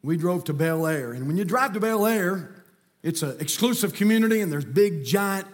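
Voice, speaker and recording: A middle-aged man, preaching a sermon in a church sanctuary with folksy storytelling that builds to shouting. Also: high-pitched, animated, moderate pace. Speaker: pastor.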